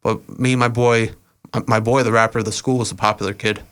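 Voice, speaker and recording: A young adult man speaks in a slightly low voice, chatting casually as a guest on a podcast. He tells long stories at an easy pace, full of "uh"s and small restarts, loose and unhurried. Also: clean tone. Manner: relaxed, rambling, many "uh" fillers. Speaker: podcast guest, event organizer and rapper. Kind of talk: casual interview storytelling.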